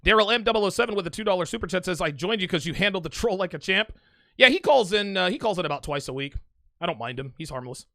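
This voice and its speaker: Brash man hosting a live call-in show, high, gravelly voice, bright tone. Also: no room sound, clean studio sound. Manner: brash, emphatic, repeats himself. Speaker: livestream host reading super chats and taking calls. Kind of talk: casual live show chat.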